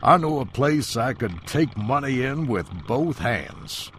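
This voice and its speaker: A man's voice: mid-range voice, sing-song, slow pace, fairly bright tone, a little hiss or hum, voice pushed up, exaggerated voice. A man doing an eager cab driver. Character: middle-aged male cab driver, eager schemer.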